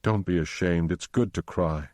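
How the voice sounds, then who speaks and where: A tearful young wife mourning a lost child, as a male narrator reads her lines in a soft, hushed voice. The tone sits deep and low, and the recording is dry and close with no room sound. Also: normal speed, no echo, lightly acted. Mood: tender.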